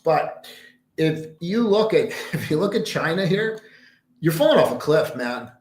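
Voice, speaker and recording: A man's voice: on the high side, very animated, unhurried. Rambling man hosting a market livestream. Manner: rambling, emphatic, mutters asides to his screen. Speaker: trading stream host. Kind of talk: casual market analysis livestream. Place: home room in a condo. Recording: roomy echo.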